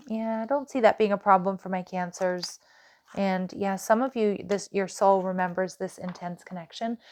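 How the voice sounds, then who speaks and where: A woman's voice: mid-range voice, a little mellow. Woman, tarot reader, talks straight to her viewers in a chatty, easygoing way with a mid-range voice. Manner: chatty, frequent "like" and "you know", addresses viewers directly. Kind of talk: casual tarot reading to camera.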